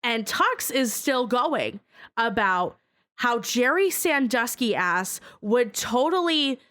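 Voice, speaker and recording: A young woman tells a story as a podcast guest, her voice sitting a bit high. She talks in an animated, casual way and swears freely. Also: slow. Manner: animated, swears freely, acts out other people's lines.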